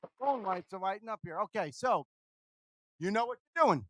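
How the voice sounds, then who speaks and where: A man hosts a radio show, speaking into a studio microphone with energetic, teasing live banter that rambles along. His voice is high-pitched and his pace moderate.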